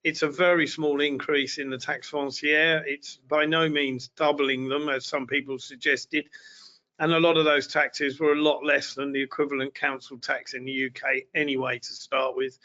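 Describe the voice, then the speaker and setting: A man's voice: mid-range voice, little pitch movement, moderate pace, bright, forceful tone, highs cut off. A man who owns an estate agency, speaking on a webinar panel in a plain-spoken, reassuring way.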